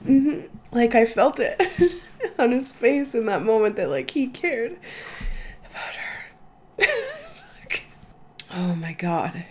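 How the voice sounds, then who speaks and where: A woman's voice: fairly high pitch, expressive, slow, long pauses, a little hiss or hum. A young woman hosting a reaction channel, gushing about a show in casual commentary, swearing freely and laughing often.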